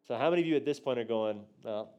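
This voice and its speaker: In a lo-fi recording, a quick-paced preacher tells a story from the pulpit while teaching a church group about prophecy. He animatedly acts out his own quotes with dramatic jumps in pitch and volume, turning soft at tender moments and loud at punchlines.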